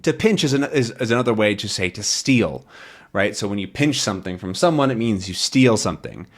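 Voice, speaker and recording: Animated male English teacher. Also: on the low side, brisk. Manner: patient, explains words with everyday examples; animated voice, jumps into acted quotes. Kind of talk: language lesson explaining a comic.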